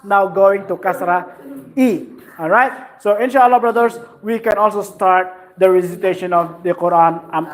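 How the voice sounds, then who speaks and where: Slow, patient male Quran teacher. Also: high-pitched. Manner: patient, repeats sounds and checks understanding. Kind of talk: slow classroom instruction.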